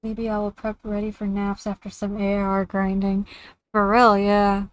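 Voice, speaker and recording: A woman's voice: medium pitch, completely flat delivery, measured pace, smooth. Chatty young woman streaming a game. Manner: chatty, self-deprecating, laughs often. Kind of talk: casual livestream chat while gaming.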